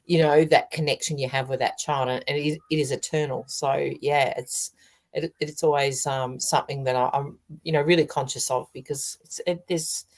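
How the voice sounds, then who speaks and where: A woman's voice: low-pitched, steady tone, moderate pace. A middle-aged Australian woman co-hosting a casual chat, telling stories with frequent laughter. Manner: warm storytelling, laughs often. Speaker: co-host, medium.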